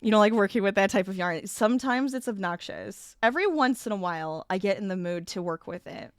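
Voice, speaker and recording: A woman's voice: mid-range voice, lively intonation, fairly quick, no echo, studio quality. A woman streamer chatting casually with her chat while she crochets. Her voice is slightly scratchy as she gets over an illness, and she laughs often. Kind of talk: casual crafting livestream chat.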